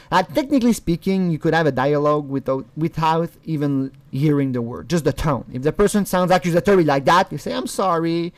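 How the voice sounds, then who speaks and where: A man's voice: a little high, no echo. A man hosting his own channel, talking casually over a recorded call. He rambles, repeats words and imitates other people's tones of voice. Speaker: channel host.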